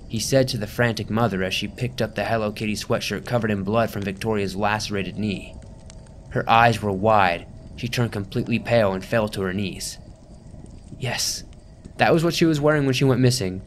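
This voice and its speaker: A man narrating a first-person horror story in a tense, dramatic delivery, dropping to a hush at times. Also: on the low side, fairly quick, slight background noise.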